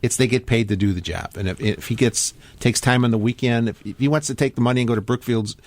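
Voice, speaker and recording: A man's voice: mid-range voice, fast, no echo. A man hosting a talk radio show, chatting casually with a co-host and callers, with hesitant restarts. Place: radio studio. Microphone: studio microphone.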